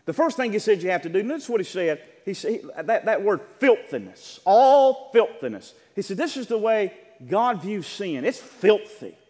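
A man's voice: high-pitched, big pitch swings, moderate pace, few pauses, a little mellow, in a large hall. A man preaching a sermon with impassioned, rhythmic delivery, reading scripture and addressing the congregation.

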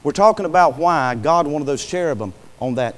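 A man preaches in a folksy manner, peppering his sermon with "Amen" and questions put to the congregation. His voice sits a little high for a man, and a long reverb from a large hall trails behind every phrase. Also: lively intonation, normal speed.

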